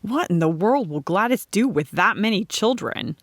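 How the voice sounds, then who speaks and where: A woman voicing a brisk, teasing, practical friend who loves sharing news. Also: mid-range voice, expressive, dry recording.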